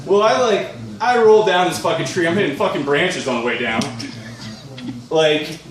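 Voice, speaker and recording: A man's voice: fairly high pitch, expressive, moderate pace. A young man telling a rambling, profane personal anecdote, laughing through it as he goes. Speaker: storyteller. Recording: echoey room, distant mic, faint noise.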